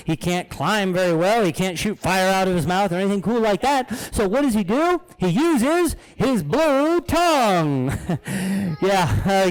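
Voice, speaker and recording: A man's voice: sits high, low-quality recording. A man presenting live animals to children in a playful, joking way, laughing often. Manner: jokey, animated, talks to kids, laughs often. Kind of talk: playful kids' show presentation.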